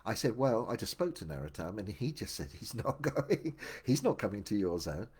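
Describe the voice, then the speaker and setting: A man's voice: on the low side, very animated, moderate pace, a little mellow, slightly rough. An older man telling his own life story in a casual, meandering and reflective way, often restarting his sentences. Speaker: memoir storyteller. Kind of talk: casual first-person storytelling.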